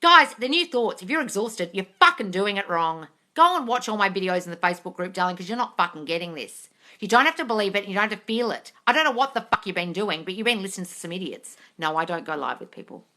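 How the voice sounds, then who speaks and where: A woman's voice: medium pitch, expressive, fast talker, sharp tone. A woman on a casual live stream, reading viewer comments and answering them in a blunt, exasperated manner with a lot of swearing. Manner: reads viewer comments aloud.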